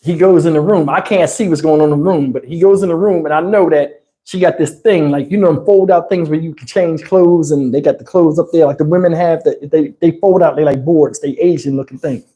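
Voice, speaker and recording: Speaking fairly quickly in a voice on the high side, a man tells a story on a live stream. He's animated and swears constantly, keeping the chat casual and breaking into laughter, all picked up by a wireless lapel mic.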